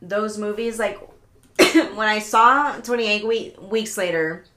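A woman hosting a solo podcast, talking in an excitable, rambling way, swearing often, stopping herself and restarting, pacing as she talks. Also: mid-range voice, slow. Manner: paces around while talking. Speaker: podcast host. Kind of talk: casual solo podcast rant.

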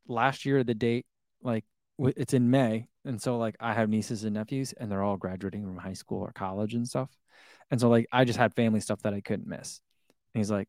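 A man in his thirties talks in a loose, rambling way on a live stream, reading viewer comments aloud and chuckling often. His voice sits at an ordinary middle pitch. The sound is dry and close, with no room around it. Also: steady tone, a little fast, a little mellow, dry recording. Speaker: running shoe vlogger reading live chat. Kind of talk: casual live-stream chat.

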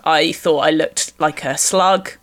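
A woman hosting a podcast in casual chat, self-deprecating and quick to laugh. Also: sits low, fairly even intonation. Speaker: podcast host.

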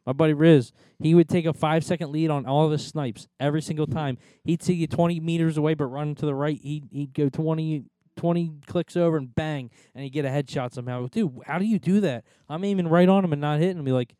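A young man co-hosting a podcast, teasing and arguing in excitable, casual banter. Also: on the high side, fast, hardly any pauses, no room sound. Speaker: podcast co-host.

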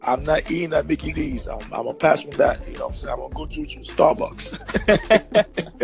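A man with a slightly high, gravelly voice riffs through casual chat. His banter is loud, joking and full of swearing. Faint music plays behind him. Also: moderate pace.

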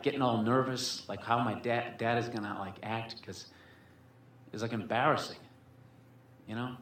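A man's voice: mid-range voice, fairly bright tone, a little hiss or hum. A man doing stand-up storytelling, rambling with constant filler words and swearing, on a comedy club stage. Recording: echoey room with faint ambience.

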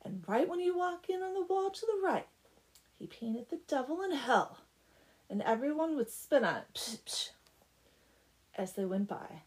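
A woman's voice: high voice, sing-song, normal speed, darkish tone, low-quality recording. A woman casually retelling a folk tale, chatty and full of "like". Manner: chatty, peppered with "like". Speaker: storyteller.

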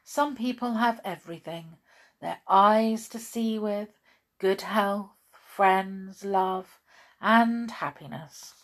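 A woman voicing a kindly, fat little man who speaks gently and with sympathy in a storybook reading. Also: medium pitch, takes it slowly, lightly acted. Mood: sad.

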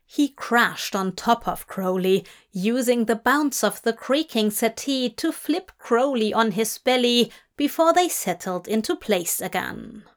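A woman reads fan fiction aloud in a steady, measured way. Her voice sits on the higher side, and she takes her time over each sentence. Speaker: audiobook reader. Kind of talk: fanfiction audiobook narration.

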